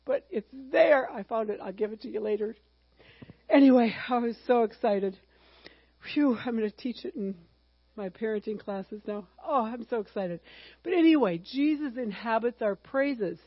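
A woman in her sixties teaches a Bible lesson in a chatty, joking way. Her talk leaps into excited outbursts. The recording sounds muffled and dry, with a faint hum underneath. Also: on the high side, normal speed, breathy edge, dry recording. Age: 60s. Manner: chatty and humorous, bursting into excited exclamations.

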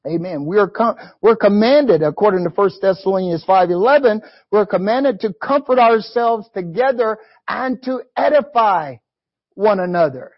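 A man delivers a sermon in a high, breathy-edged voice, reading scripture aloud in a preaching cadence. He keeps checking in with his listeners through "amen" and "you know". The recording sounds muffled and lo-fi. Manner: call-and-response asides, frequent "amen" and "you know". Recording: dull lo-fi recording.

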